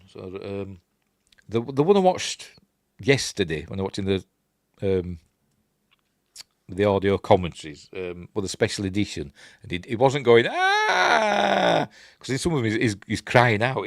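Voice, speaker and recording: This is a man with a broad Yorkshire accent chatting his way through a film breakdown. His voice sits on the low side but roams widely in pitch, and he drifts between remarks, chuckles, and playful character impressions. The sound is dry and close. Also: big pitch swings, normal speed, no room sound. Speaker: film reviewer. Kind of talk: casual film commentary.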